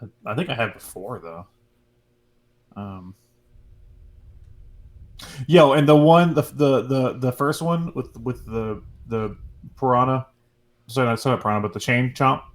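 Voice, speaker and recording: A man's voice: medium pitch, expressive, unhurried, pauses often. A man co-hosting a gaming podcast, chatting casually with rambling restarts and fillers. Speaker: podcast co-host. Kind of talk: casual chat.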